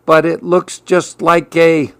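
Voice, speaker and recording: A man's voice: fairly high pitch, little pitch movement, slow pace, clear, resonant tone, no room sound, pitched above the performer's own voice. A man doing a curious little mouse. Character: curious gentle male mouse, dreamy and kind.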